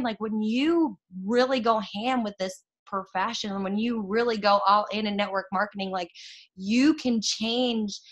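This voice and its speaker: Her voice on the high side, a young woman chats excitedly to her followers, motivating them with the story of her network marketing success amid plenty of fillers and laughter.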